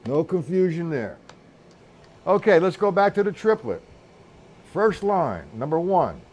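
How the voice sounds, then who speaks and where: A man's voice: fairly high pitch, sing-song, unhurried, a little mellow. A man giving a casual live-streamed drum lesson, counting beats aloud as he explains technique. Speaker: drum teacher.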